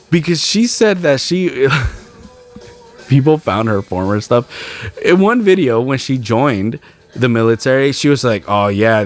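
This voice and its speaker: A young man hosting a podcast, ranting alone with frustration and mocking other people's words. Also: mid-range voice. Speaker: podcast host. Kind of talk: solo ranting podcast monologue.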